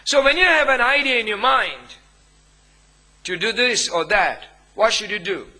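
A man, preaching a sermon as pastor, with emphatic phrasing and long pauses between phrases. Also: high-pitched, animated, sharp tone, rough recording.

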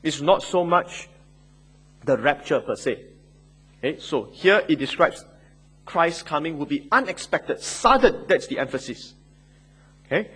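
A man with a somewhat high, husky voice preaches a sermon. He is emphatic and repeats key phrases. He checks in with his listeners by asking "Okay?". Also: lively intonation, a little slow, long pauses, fairly bright tone. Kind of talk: expository sermon.

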